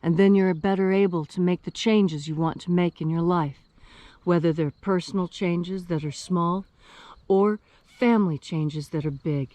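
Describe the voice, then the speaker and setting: A woman from West Virginia giving an earnest spiritual sermon with careful, deliberate diction. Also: on the low side, warm tone, no echo. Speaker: minister.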